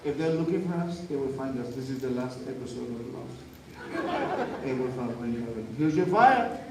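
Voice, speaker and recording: A man's voice: mid-range voice, lively intonation, moderate pace. Joking male show presenter, echoey and distant. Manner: joking, teasing the crowd, calls for audience response. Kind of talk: live comedic demonstration to an audience. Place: outdoor show area with a crowd. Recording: echoey, distant, crowd noise.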